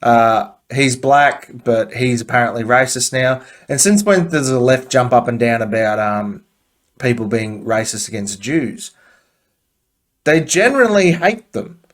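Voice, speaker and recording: On his casual podcast, the Australian host talks in a mid-range voice without rushing, tossing out profane, blunt commentary and frequent fillers.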